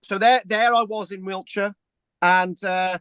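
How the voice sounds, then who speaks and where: A man's voice: high voice, steady tone, measured pace, a bit bright, clean tone, no echo. A talkative man from England telling a long story in a loose, rambling way, with false starts, repeated words and a constant "right?". The sound is dry and close, with little room around it. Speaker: host. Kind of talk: casual chat.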